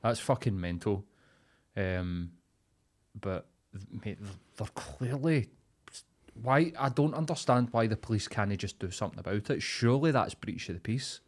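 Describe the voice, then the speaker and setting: A man's voice: on the low side, lively intonation, moderate pace. A man hosting a podcast, chatting casually in a blunt, sweary, ranting way. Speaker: podcast host. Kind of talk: casual chat.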